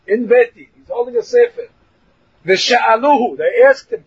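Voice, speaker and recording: A man teaching a Torah lesson in a lively, animated way, mixing Hebrew and English, acting out voices and laughing along the way. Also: high voice, a little slow, husky. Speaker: rabbi teaching a class. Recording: dull lo-fi recording.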